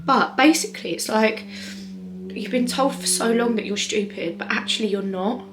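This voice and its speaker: A young woman vlogger with a medium-pitched voice talks to the camera at a moderate pace. She rambles through a personal storytime monologue, chatty and casual, with plenty of fillers and false starts.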